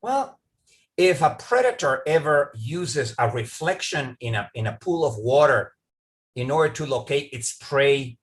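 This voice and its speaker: A man's voice: mid-range voice, animated, unhurried. Man giving a discursive academic answer. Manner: discursive, repeats words when starting sentences, frequent "right?". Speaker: lecturer answering audience questions.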